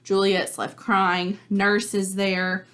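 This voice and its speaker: A woman's voice: mid-range voice, completely flat delivery, takes it slowly, fairly bright tone. A woman teacher giving a casual, chatty recap of a play to her class, full of likes and ums. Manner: chatty, filler-heavy, informal.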